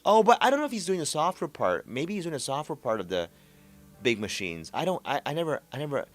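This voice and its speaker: A man hosting a casual gaming chat, animated, who laughs often and trails off into repeated words. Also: on the high side, quick pace, soft background music. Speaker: podcast host.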